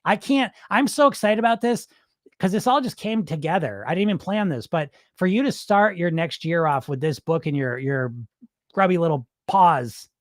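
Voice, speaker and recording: A man coaching about weight loss on a live stream in casual talk, excitable and blunt, swearing as he gets worked up. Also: high voice, dry recording, studio quality. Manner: informal and blunt.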